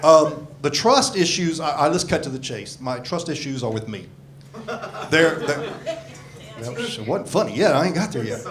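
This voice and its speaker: A man in his sixties doing a gruff, profane, self-mocking stand-up comedy set on a club stage. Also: fairly high pitch, expressive, normal speed, fairly bright tone. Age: 60s. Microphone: handheld stage mic. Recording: live club recording with crowd laughter. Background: audience laughing.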